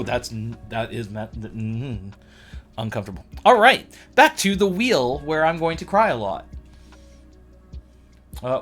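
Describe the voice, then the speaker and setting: A man chats casually to his livestream audience in a playful, self-mocking way. His voice sits at an ordinary middle pitch. Soft music plays faintly in the background. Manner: chatty and playful, with self-deprecating asides. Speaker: livestream host.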